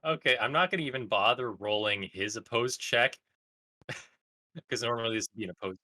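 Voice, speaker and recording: A man running a tabletop role-playing game as game master, narrating in a relaxed way and laughing often. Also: medium pitch, moderate pace, dry recording.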